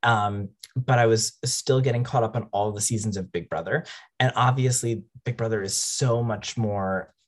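A man in his twenties, a guest on a podcast, chatting in a relaxed way. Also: on the low side, normal speed. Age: 20s. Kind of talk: casual podcast chat.

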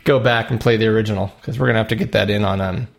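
A man's voice: on the low side, fairly even intonation, rapid-fire, vocal fry. Easygoing man, casual gaming chat. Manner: easygoing, laughs often, joking asides. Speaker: podcast co-host.

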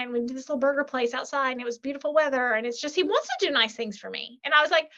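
Woman guest coach, high voice, lively, plays out quotes; lo-fi muffled audio. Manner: animated, quick, acts out quoted dialogue. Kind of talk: casual interview talk.

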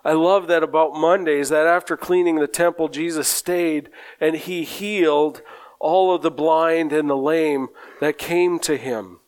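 A male preacher delivering a sermon at an unhurried pace. His voice sits a little high for a man. He speaks earnestly and often repeats a word before going on. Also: fairly even intonation, clear, resonant tone. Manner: slow, earnest, with frequent repeated words.

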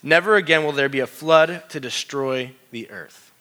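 A male pastor delivers a lively sermon in a bright, slightly high voice. He speaks conversationally, acts out quotes with feeling and asks his listeners questions. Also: normal speed. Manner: lively preaching, voicing God and scripture, asides to the congregation.

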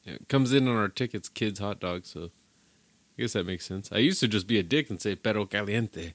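A man's voice: on the low side, brisk, dry recording. A man hosting a podcast in casual, joking chat, swearing often and laughing a lot. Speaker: podcast host.

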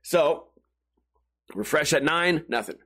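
Profane, rambling podcast guy, slightly high. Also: slow pace. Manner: animated, jumpy delivery. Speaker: podcast host. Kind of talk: casual comedic monologue.

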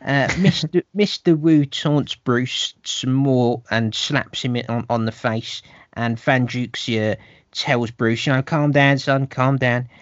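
A man's voice: mid-range voice, slow, no room sound. Man recapping a film, dry sound. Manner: rambling, restarts, puts on quoted voices. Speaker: podcast co-host. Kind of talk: casual film recap chat. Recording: dull, slightly muffled, dry sound.

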